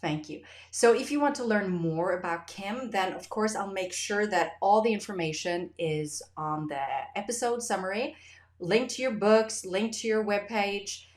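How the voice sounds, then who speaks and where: A woman hosting a podcast interview, talking in an effusive, animated way in casual chat. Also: mid-range voice, moderate pace. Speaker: podcast host. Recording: roomy echo.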